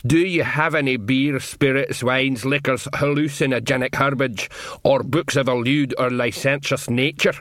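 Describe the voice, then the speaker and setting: A man voicing a big, dim male troll doing customs duty in an audiobook, slow and officious. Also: mid-range voice, fairly even intonation, a bit bright, dry recording, studio quality, close to an everyday voice.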